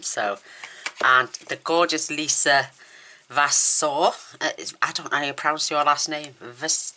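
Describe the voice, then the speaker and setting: A woman's voice: a bass voice, normal speed, sharp tone, a little hiss or hum. A woman demonstrating a papercraft card in a chatty, enthusiastic, rambling way, with her mouth numb from the dentist. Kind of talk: casual crafting tutorial.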